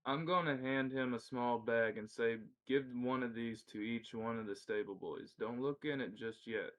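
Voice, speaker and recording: A man's voice: mid-range voice, normal speed. Man playing a tabletop character. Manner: plain, declares actions then speaks in character. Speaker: player. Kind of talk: tabletop role-play, in-character.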